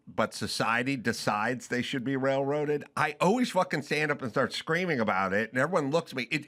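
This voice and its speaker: A man's voice: medium pitch, bright, forceful tone. A middle-aged man hosting a podcast, ranting emphatically and profanely, slipping into mimicked voices. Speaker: podcast host. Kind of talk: casual podcast rant.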